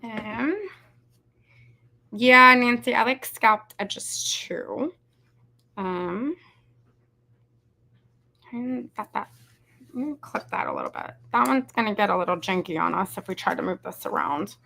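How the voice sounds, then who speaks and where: A woman's voice: mid-range voice, very animated, a little slow, vocal fry, pauses often, sharp tone. A woman, chatting casually and rambling as she hosts a craft tutorial. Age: 40s. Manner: chatty, rambling, says "y'all" and "you guys". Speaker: craft video host.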